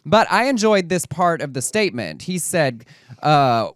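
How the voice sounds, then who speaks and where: A man's voice: on the high side, measured pace, no echo, studio quality. A man co-hosting a casual talk show, reading news stories and riffing on them wryly. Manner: expressive and wry, reads news then riffs. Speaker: co-host. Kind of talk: casual chat.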